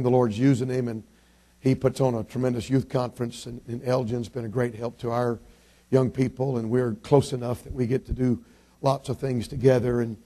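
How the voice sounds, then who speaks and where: A man from Illinois, a visiting Baptist preacher, moving from quiet thanks to loud, emphatic preaching and King James scripture reading. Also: mid-range voice. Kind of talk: sermon.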